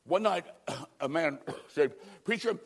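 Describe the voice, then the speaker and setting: High-pitched male preacher, booming then dropping to a hush, dramatic sermon style. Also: expressive, slow, breathy edge. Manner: dramatic swings from loud to hushed. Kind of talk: evangelistic sermon.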